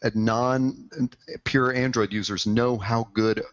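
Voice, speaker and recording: A man co-hosting a podcast, chatting casually about tech in a halting, hesitant way. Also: medium pitch, steady tone, dull audio. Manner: halting, hesitant, many uhs. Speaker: podcast co-host.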